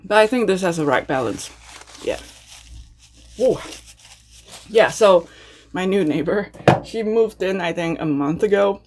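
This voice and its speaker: A woman with a somewhat low voice hosts an ASMR mukbang from her apartment. She talks casually and without hurry, filling the pauses between bites with soft murmurs of enjoyment. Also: animated, a little hiss or hum. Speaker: mukbang host. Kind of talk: casual ASMR eating chat. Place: home apartment.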